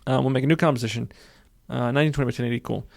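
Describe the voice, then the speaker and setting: A man teaching software in a screen-recorded tutorial, upbeat, narrating his clicks and often repeating phrases. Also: medium pitch, steady tone, racing, creaky, no room sound, clean studio sound. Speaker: software instructor.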